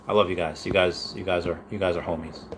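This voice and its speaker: A man's voice: low-pitched, flat delivery, quick pace, noisy background. A man in his thirties hosting a casual live stream, chatty, reading viewer messages aloud and rambling from topic to topic. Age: 30s.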